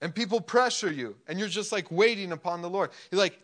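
A man with a high-pitched voice delivers a relaxed, conversational sermon. He leans on filler words and slips into little acted-out voices of people's thoughts. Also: a little fast, few pauses. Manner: conversational, filler-heavy, acts out inner thoughts. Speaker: preacher. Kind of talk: casual sermon.

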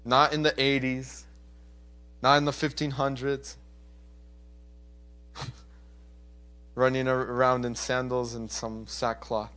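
A man preaching a sermon with passion, swinging from loud urgent appeals to hushed storytelling. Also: medium pitch, flat delivery, slow, pauses often, smooth.

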